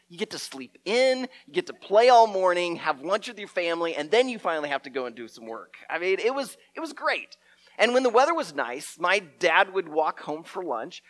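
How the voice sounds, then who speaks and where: A middle-aged man telling a story as a preacher, animated and often repeating his words. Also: a little high. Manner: lively storyteller, acts out shouted quotes, stumbles and repeats words.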